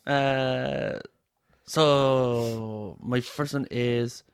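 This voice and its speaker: A man's voice: medium pitch, fairly even intonation, very slow, smooth, dry recording, clean studio sound. A man in casual chat, laughing often and acting out quoted lines.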